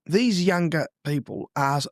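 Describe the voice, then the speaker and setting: A man's voice: fairly high pitch, lively intonation, measured pace, no room sound, clean studio sound. A man, a real estate agent talking earnestly and from the heart in an interview. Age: 20s. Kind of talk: casual interview chat.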